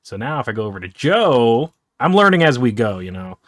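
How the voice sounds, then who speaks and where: A man acting as game master, chatting casually and muttering to himself as he sets up software for a tabletop game. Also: medium pitch, big pitch swings, fairly quick, no echo, studio quality. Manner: mutters to himself while clicking through software. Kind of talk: casual chat while setting up a tabletop game.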